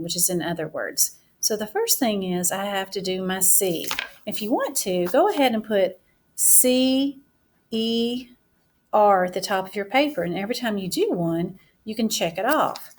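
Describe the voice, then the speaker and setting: A woman teacher leads a classroom writing mini-lesson, speaking slowly and deliberately and saying each word aloud as she writes it. Her voice sits in the mid range.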